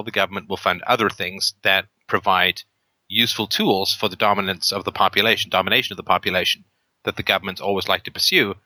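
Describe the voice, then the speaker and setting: A man's voice: lowish voice, pushed and bright, no room sound. A man hosting a call-in show, talking emphatically with rhetorical tag questions and plenty of ums and uhs. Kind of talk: casual argumentative talk on a call-in show.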